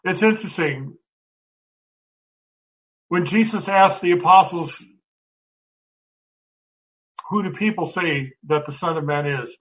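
Bright-voiced Bible class teacher, lo-fi. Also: male voice, a little high, slow, pauses often. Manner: conversational, repeats words, asks the class questions. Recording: dull lo-fi recording.

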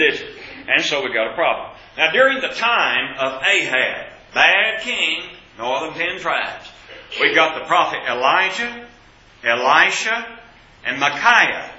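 Bible class teacher guy, kinda high bright voice, dull muffled sound. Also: lively intonation, measured pace. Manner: asks the class questions, emphatic on key points. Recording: echoey, dull room recording.

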